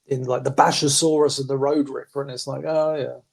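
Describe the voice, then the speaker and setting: A man chatting casually as a podcast host reviewing comics, animated and quick to mimic voices. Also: mid-range voice, gravelly, slightly rough. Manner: animated, slips into mocking voices for quotes. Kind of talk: casual chat.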